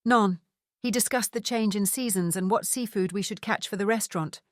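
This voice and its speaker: A woman's voice: mid-range voice, normal speed, no echo, clean studio sound, natural voice. Woman doing a terse French skipper. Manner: terse, broken English. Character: French boat skipper, man in his thirties, laconic.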